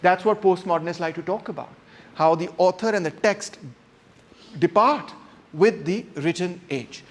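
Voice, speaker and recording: A man giving a classroom lecture, talking straight to students without a microphone and acting out intonation with emphatic, animated delivery. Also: high-pitched, normal speed. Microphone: no microphone, unamplified voice.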